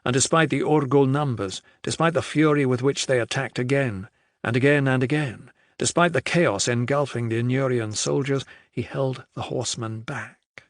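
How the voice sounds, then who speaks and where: Brief: male audiobook narrator, gravelly, dry close sound, measured. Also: medium pitch, no room sound. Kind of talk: scripted narration.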